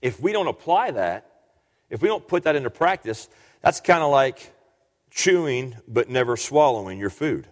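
A man's voice: mid-range voice, expressive, moderate pace. A man preaching a sermon in an earnest teaching manner, often restarting and repeating words. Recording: long hall reverb.

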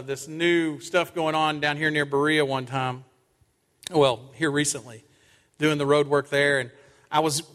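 A middle-aged man preaching a sermon in a church, an animated storyteller who acts out his own lines in stories. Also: fairly high pitch. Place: church sanctuary. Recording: long church hall reverb.

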